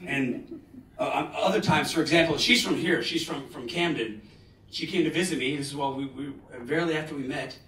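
A man in his forties giving a live motivational talk, telling stories dramatically with bursts of loud emphasis. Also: on the high side, fairly quick, a little hiss or hum. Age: 40s. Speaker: motivational speaker. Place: large lecture hall. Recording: roomy hall, distant mic.

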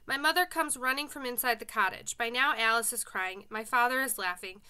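A woman reads a children's novel aloud in a bright, fairly high voice. She keeps a friendly, casual touch with her listeners. It is an audiobook reading. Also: a little fast, clear, resonant tone. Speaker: reader.

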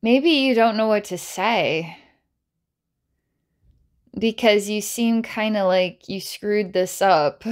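A woman psychic healer talks through a guided energy-healing session at a medium pitch. Her manner is playful and giggly, loose and full of filler words. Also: takes it slowly, pauses often.

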